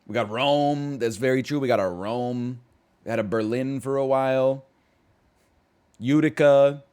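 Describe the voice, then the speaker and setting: A man from Canada, chatting casually on a live stream, reacting to chat and rambling through asides with sudden excited jumps. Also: medium pitch, measured pace, clean tone.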